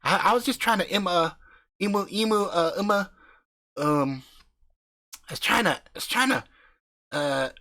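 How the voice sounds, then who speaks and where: A man voicing a brash, boastful, foul-mouthed husband who talks loud and swaggering, swearing all the time, in an improvised comic story. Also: high voice, normal speed, pauses often. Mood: rambling.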